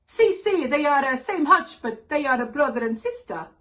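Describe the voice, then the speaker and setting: A man's voice: very high voice, expressive, normal speed, voice pushed up, full character voice. A woman voicing a brash Italian father who speaks in broken English with a thick Italian accent. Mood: breezy. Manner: loud, emphatic, breezy.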